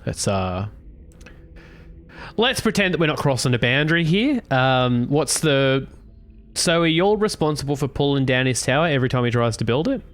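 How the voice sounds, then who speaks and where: A man's voice: medium pitch, expressive, normal speed, no echo. Blunt man, dry close sound. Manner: blunt, slangy, swearing. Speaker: player. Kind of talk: casual in-character role-play.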